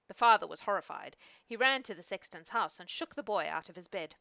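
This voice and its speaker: A woman reading a fairy tale aloud in a lively, expressive way. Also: fairly low pitch, brisk, gravelly, few pauses, no room sound. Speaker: storyteller. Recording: dull, dry lo-fi recording.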